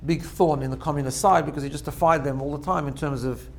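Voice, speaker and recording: A man's voice: a little high, fairly even intonation, quick pace, creaky, slight background noise. A man giving an informal religious talk, telling stories and often checking in with his listeners. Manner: storytelling, checks in with "right?", laughs at own jokes. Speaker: religious teacher. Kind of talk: informal sermon.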